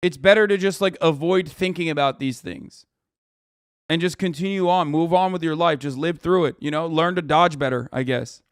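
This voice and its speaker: A man streaming, commenting heatedly on clips in profane casual talk that rises into shouting rants. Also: fairly high pitch, normal speed, smooth, dry recording, studio quality.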